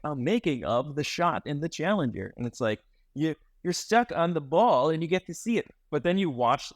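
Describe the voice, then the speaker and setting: A man's voice: medium pitch, dry recording. Male podcast co-host, dry close mic, profane and rambling. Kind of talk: casual movie review chat.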